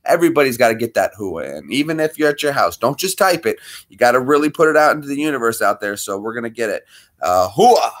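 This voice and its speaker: A man's voice: medium pitch, lively intonation, fast, hardly any pauses, fairly bright tone. A man hosting a casual livestream, greeting viewers by name and talking to his dog between topics. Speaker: livestream host.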